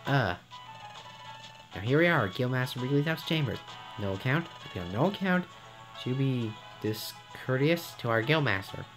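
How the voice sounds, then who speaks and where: A man voicing a fussy, bossy male parrot who assists a guildmaster, in a squeaky, high, prim voice. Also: lively intonation, moderate pace, fairly bright tone, faint music behind, rough recording.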